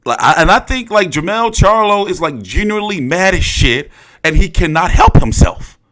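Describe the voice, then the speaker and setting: A young man talking through a boxing press conference in loose, profane chat, his pitch sitting a little high and swinging widely. He gets carried away and breaks into loud, excited outbursts. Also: moderate pace. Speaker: boxing commentator. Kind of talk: casual reaction commentary.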